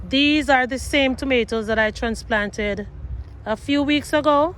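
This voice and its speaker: A woman's voice: sits high, a little slow, a bit bright, slight background noise. A woman gardening vlogger talking viewers through her garden outdoors, chatty and repeating herself. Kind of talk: casual garden tour vlog.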